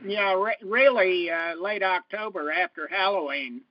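Guy calling in, high voice, halting and plain, muffled sound. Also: crowd noise. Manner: halting, plainspoken, uses fillers. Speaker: caller. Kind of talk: casual call-in chat.

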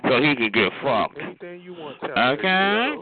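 A man's voice: mid-range voice, very animated, takes it slowly. A man hosting a voice chat, flamboyantly mocking and roasting someone, calling him honey and child. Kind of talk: trash-talking roast in a voice chat. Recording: tinny phone-like audio with crowd chatter.

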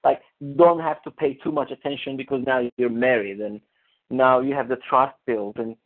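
A man on a coaching call, talking in a halting way, restarting and searching for words. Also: mid-range voice, fairly even intonation. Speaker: coaching client. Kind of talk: casual conversation on a coaching call. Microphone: call audio. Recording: narrow phone-line call audio.

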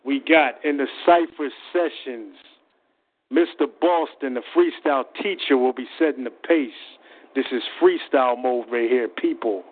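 A man's voice: medium pitch, moderate pace. A man with a mid-range voice hosts an online radio cypher, announcing each artist in the lineup with upbeat energy. His voice comes through narrow and tinny, like a phone line. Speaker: host. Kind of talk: radio host introducing artists.

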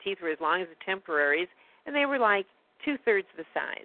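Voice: mid-range voice, very animated, brisk, dry recording. A guest telling a personal story in a rambling, indignant way during a casual phone conversation. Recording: tinny phone line, dry.

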